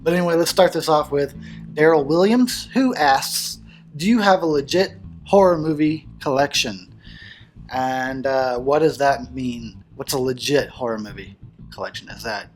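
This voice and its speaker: Man, casual vlog chat, swears a lot, laughs at himself, faint music behind. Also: medium pitch. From United States. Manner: profane, loose and self-mocking. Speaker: horror channel host.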